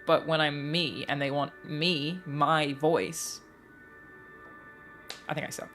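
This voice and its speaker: A woman's voice: deep voice, steady tone, slow pace, a bit bright, soft background music. A woman, a voice actor giving chatty, reflective commentary while streaming a game. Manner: chatty, reflective, many fillers. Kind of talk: casual gameplay commentary.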